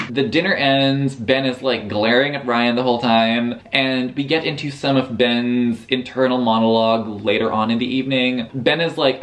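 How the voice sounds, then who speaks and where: A man recaps a novel in a casual book-vlog chat. His telling is sarcastic and animated, in a voice of ordinary middle pitch. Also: unhurried. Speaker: book vlogger.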